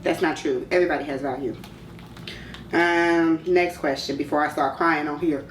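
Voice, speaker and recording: A woman's voice: low voice, fairly even intonation, moderate pace, reverberant, distant mic, a little hiss or hum, rough recording. A woman in her thirties from California, talking candidly and casually to camera in a slangy Q&A vlog. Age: 30s. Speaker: vlogger. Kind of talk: casual Q&A chat.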